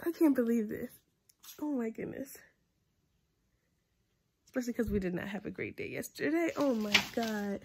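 A woman's voice: fairly high pitch, lively intonation, normal speed, creaky, pauses often, darkish tone, slight background noise. Bubbly young woman vlogging on her phone. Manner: chatty and bubbly, casual slang. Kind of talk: casual vlog chat.

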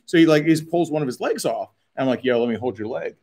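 A man in relaxed live-stream chat, spinning crude bar stories with plenty of swearing. His voice sits at an ordinary pitch and he breaks into laughter as he talks. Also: fast talker, slight background noise. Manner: rowdy, profane storyteller who laughs a lot.

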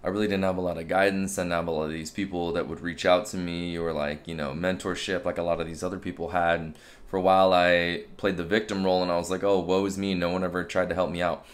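A man's voice: sits low, level tone, fast. A man who works as a fitness trainer, talking candidly and reflectively in a casual self-help vlog. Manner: candid, reflective, conversational with fillers.

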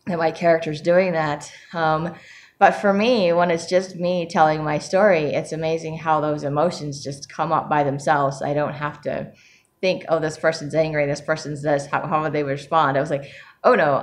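Low-voiced woman, reflective vlog talk. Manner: emotional, reflective, many fillers and soft laughs. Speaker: vlogger sharing her writing journey. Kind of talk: casual personal vlog.

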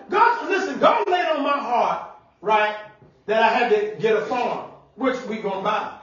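High-voiced preacher man in an echoey church. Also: moderate pace. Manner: animated, shouting at times, laughing, conversational preaching. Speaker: pastor. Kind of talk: sermon. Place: church sanctuary. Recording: echoey church room, mic at distance, dull sound.

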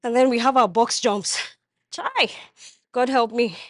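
A woman's voice: fairly high pitch, moderate pace. A young woman vlogging her workout in a gym, coaching viewers with energy as she demonstrates the exercises. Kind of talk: instructional workout vlog.

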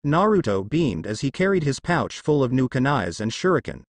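A man's voice: medium pitch, very animated, normal speed, dry recording. A man reading fanfiction aloud, telling the story steadily. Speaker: fanfiction narrator.

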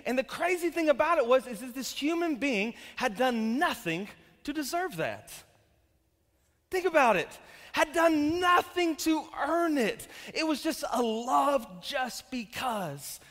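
A pastor in his thirties with a strikingly high voice, speaking a little slowly, preaches a sermon to his congregation in a church sanctuary. He tells energetic, humorous stories that rise into loud, fervent shouts, while the hall's long reverb trails after him.

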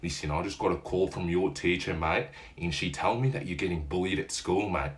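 A man's voice: deep voice, fairly quick, reverberant, recorded from a distance, natural voice. A man playing a middle-aged Australian father trying to seem cool, chummy and laughing. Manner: chummy, laughing, says mate constantly.

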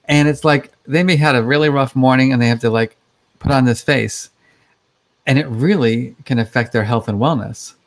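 Chatty man explaining calmly. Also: mid-range voice, moderate pace. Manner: explanatory, chatty with many fillers. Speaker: guest expert on emotions. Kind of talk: conversational interview.

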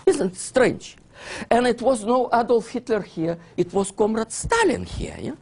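A husky-voiced man with a Russian accent delivers a lecture, his pitch swinging widely as he acts out exchanges. He speaks English as a second language, dropping articles, and keeps checking in with his listeners. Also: animated, measured pace, darkish tone. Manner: non-native grammar, drops articles; acts out dialogues between historical figures. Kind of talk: animated lecture.

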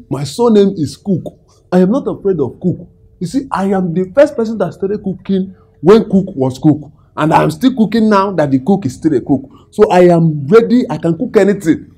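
A man's voice: sits high, animated, fairly quick, dark tone, slightly rough. A man with a Nigerian accent playing a boastful young cook interviewing for a job, rambling and mixing in Pidgin. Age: 20s.

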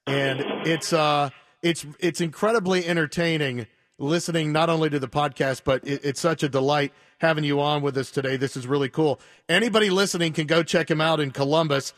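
A man's voice: a little high, steady tone, brisk, fairly bright tone, no echo, studio quality. Upbeat male radio host. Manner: upbeat, plugs events. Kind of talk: radio interview. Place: radio studio.

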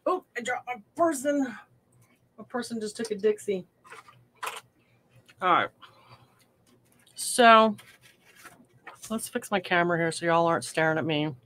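A woman's voice: fairly low pitch, fairly even intonation, measured pace, pauses often, a bit bright, a little hiss or hum. A woman hosting a casual livestream from her hobby room, chatty and self-deprecating, laughing often. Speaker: livestream host. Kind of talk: casual livestream chat while crafting.

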